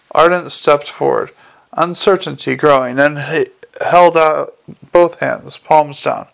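A man narrating a fantasy audiobook, his voice sitting slightly high with a gravelly rasp. He reads at a steady, even storytelling pace. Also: slow pace. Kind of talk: scripted narration.

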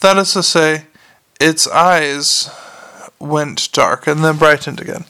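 Gravelly man reading a novel aloud. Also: on the high side, slow. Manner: steady narration with small slips and restarts. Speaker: narrator. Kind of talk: amateur audiobook reading.

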